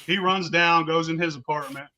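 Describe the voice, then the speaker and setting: A man's voice: on the high side, fairly even intonation, normal speed, pushed and bright. A man, telling a rowdy, profane story in casual talk and laughing as he goes. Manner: rowdy, swears constantly, laughs mid-story. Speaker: podcast host telling stories.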